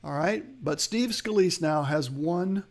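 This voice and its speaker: A man's voice: fairly high pitch, a little slow, darkish tone. A man hosting a live investing webcast, giving market commentary in a chatty way, talking straight to viewers and reading their chat. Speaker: host of a live investing show.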